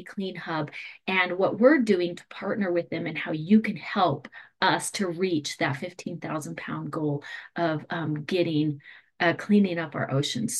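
A woman co-hosting a company call, hurrying through promotions in an excited, rushed way with frequent fillers and restarts. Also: fairly low pitch.

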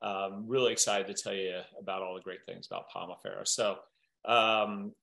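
Halting, low-voiced man in an echoey room. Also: creaky. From Southern Iowa, USA. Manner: relaxed, halting, many fillers and restarts. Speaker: company co-founder and chemist. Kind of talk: storytelling on a company training call.

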